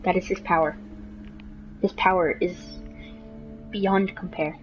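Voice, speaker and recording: A woman narrating a mock nature documentary with deadpan, absurd humor. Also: lowish voice, takes it slowly, faint music behind, rough recording. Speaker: video creator.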